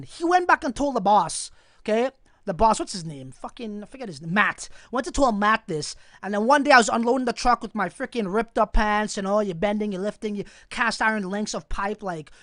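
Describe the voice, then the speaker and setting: Young man, from Canada, livestream host, profane, animated, dry room. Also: high voice, no room sound. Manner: profane, animated, talks straight to viewers. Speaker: crypto channel host. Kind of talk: casual livestream storytelling.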